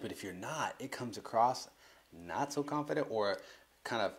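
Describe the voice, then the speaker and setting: Excitable male marketing co-host. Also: on the low side, moderate pace. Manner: enthusiastic, eager affirmations. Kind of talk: casual upbeat chat.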